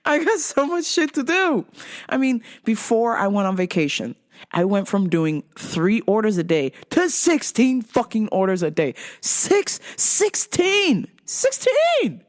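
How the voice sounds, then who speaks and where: A young adult woman hosting a podcast, telling a story in a profane, casual way and laughing loudly and often. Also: a little high, sing-song, measured pace. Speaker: podcast host.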